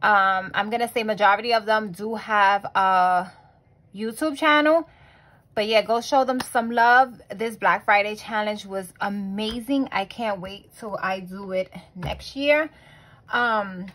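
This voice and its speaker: A casual young woman hosting a home budgeting vlog, her pitch sitting right in the middle. She talks loosely and personally, full of fillers and restarts, then drops to a quiet murmur while counting bills. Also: unhurried, poor audio. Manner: chatty, lots of fillers and restarts; soft, counts money under her breath. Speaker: budgeting channel host.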